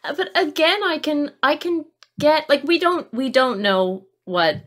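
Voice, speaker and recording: Thoughtful, halting woman podcast co-host. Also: high voice, expressive, fairly bright tone. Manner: thoughtful, hesitant, many restarts and "like". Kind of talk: casual chat.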